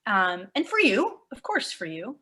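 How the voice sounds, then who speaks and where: A woman in her thirties, a science teacher talking as an interview guest, passionate and emotional, casual and animated. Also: mid-range voice, unhurried.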